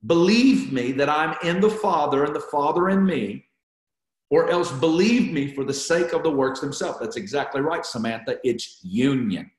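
A man's voice: fairly high pitch, moderate pace, roomy sound. A man leading an online Bible study, teaching with fervor and repeating key phrases for emphasis as he talks to viewers.

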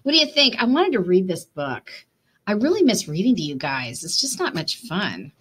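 Woman teacher reading to kids: bright, animated, encouraging, question-asking. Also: mid-range voice, moderate pace, slightly rough. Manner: chatty, encouraging, asks listeners questions. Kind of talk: reading a picture book aloud to children.

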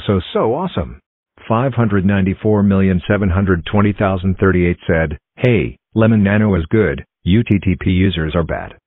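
A stern cartoon parent voiced by a robotic male text-to-speech voice scolds in a very deep monotone. The delivery is dry and mechanical, and the recording sounds dull and lo-fi. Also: no room sound. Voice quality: flat synthetic text-to-speech voice. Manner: monotone scolding, drawn-out repetitions. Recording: dull lo-fi computer voice.

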